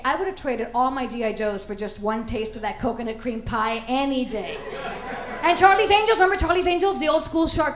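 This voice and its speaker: High-voiced animated woman comic. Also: a little hiss or hum. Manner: animated, punchy delivery with acted-out quotes. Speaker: stand-up comic. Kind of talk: stand-up comedy set. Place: comedy club stage. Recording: echoey comedy club.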